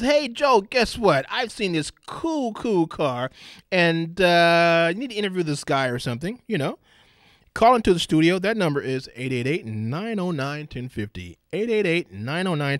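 A middle-aged man hosting a radio talk show in a studio, exuberant and playful, breaking into booming shouts. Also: no echo. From Southern California.

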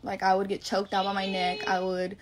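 A woman's voice: medium pitch, completely flat delivery, fairly quick, background noise. A young woman telling a long personal story on a live stream in a rambling, profane, emotional way. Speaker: livestreamer.

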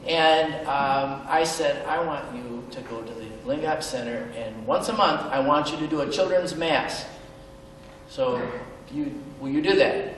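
A man's voice: fairly high pitch, measured pace, fairly bright tone. A middle-aged man telling a personal story at a benefit event, earnest and self-deprecating, with hesitant ums. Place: large event hall. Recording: echoey hall, mic far off, faint background noise.

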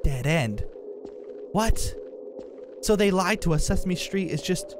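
A young man commenting on a horror game in a goofy, jokey way, with loud outbursts, over game music. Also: sits high, expressive, slow pace, pauses often, noisy background. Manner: goofy, jokey, breaks into shouts and silly singing. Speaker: gaming YouTuber.

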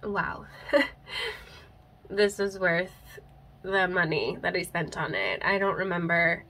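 A woman's voice: fairly low pitch, lively intonation, slow pace, bright, forceful tone, slight background noise, rough recording. A young woman in a casual unboxing vlog, gushing and teary, her voice catching as she laughs and cries over what she unwraps, recorded on a handheld camera. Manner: gushing, emotional, breaks into laughs and tears. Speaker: plant vlogger.

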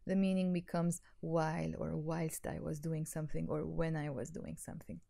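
A woman teaching a language lesson, patiently explaining and repeating words slowly for learners. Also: low-pitched, level tone, gravelly, mellow. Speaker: Arabic teacher.

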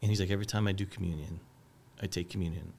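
A man's voice: deep voice, steady tone, very fast, gravelly, a little mellow, a little hiss or hum. A middle-aged man as a filmmaker guest, talking casually and searching for words with many restarts. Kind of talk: casual conversation.

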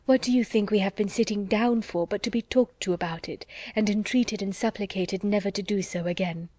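A witty young society lady from a classic novel, as a woman reads her, arch and playfully teasing. Her lines are spoken in a plain, dry voice of middling pitch. She has no room echo at all. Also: a little fast, a little mellow, lightly acted.

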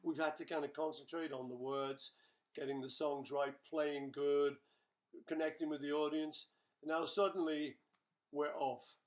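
Older male musician, casual webchat, jokey and rambling, slightly high-pitched speaking voice. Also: level tone, measured pace, a little mellow. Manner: chatty, jokey, rambling with fillers. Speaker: rock musician answering fan questions.

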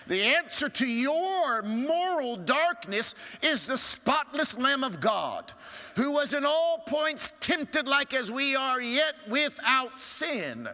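A male pastor preaching a sermon, swinging from strong rising appeals to hushed, low asides. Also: very animated, takes it slowly. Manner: preaching with sweeping rises and hushed drops. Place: large church sanctuary. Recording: church hall reverb.

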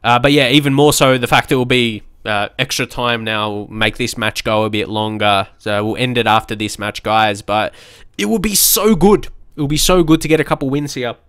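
A man giving excitable let's play commentary on a football management game, shouting at the screen and swearing now and then. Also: mid-range voice, moderate pace, smooth, no echo, studio quality. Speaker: gaming YouTuber.

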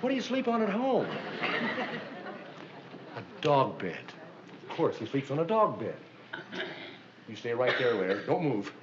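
A flustered sitcom husband. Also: male voice, mid-range voice, very animated, unhurried, pauses often, noisy background. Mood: exasperated. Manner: coaxing, comic pleading with a dog. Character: flustered good-natured young husband. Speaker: comedy writer husband in a sitcom. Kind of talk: 1960s sitcom acting. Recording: dull 1960s TV soundtrack with roomy echo and laugh track. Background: studio audience laughter.

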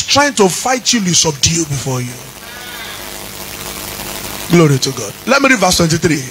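High-voiced chanting pastor. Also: male voice, very animated, normal speed, pauses often, slight background noise, rough recording. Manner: chanting, rising into shouts. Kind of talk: sermon.

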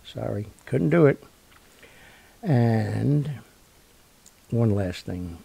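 A man's voice: mid-range voice, animated, extremely slow, gravelly, dark tone, breathy edge, no echo. A man hosting a radio show, chatting casually in a rambling, joking way. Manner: rambling and jokey, full of fillers and asides. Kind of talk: casual sign-off chat.

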